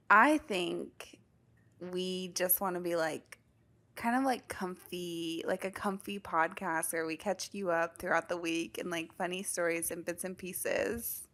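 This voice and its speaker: Young woman, podcast co-host, casual and candid, gravelly fry in her voice, laughs easily. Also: fairly low pitch, a bit bright. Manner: candid, laughs often, drawn-out "like" fillers. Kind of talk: casual chat.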